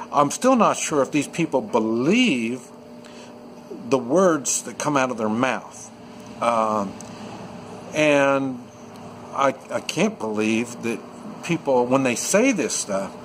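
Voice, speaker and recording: Casting note: man of middle pitch, rambling unscripted monologue, lots of false starts, faint noise in the background. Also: poor audio. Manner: rambling, many restarts and fillers. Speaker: video commentator. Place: at home in the countryside.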